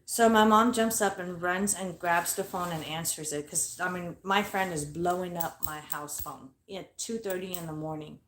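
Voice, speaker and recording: A woman's voice: lowish voice, moderate pace, hardly any pauses, fairly bright tone, roomy sound, a little hiss or hum. A woman telling a ghost story from her bedroom at home in a casual, blunt way, swearing constantly. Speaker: paranormal investigator vlogger.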